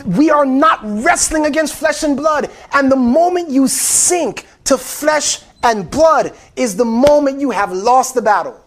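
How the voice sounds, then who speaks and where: A man's voice: very high-pitched, lively intonation, a little slow, few pauses, slight background noise. A man preaching an impassioned sermon, repeating phrases and calling his listeners beloved. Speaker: pastor.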